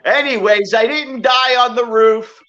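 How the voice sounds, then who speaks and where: A man on a casual call, telling a heated story in profane, worked-up bursts with loud shouted quotes. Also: very high voice, highs cut off. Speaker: call-in guest.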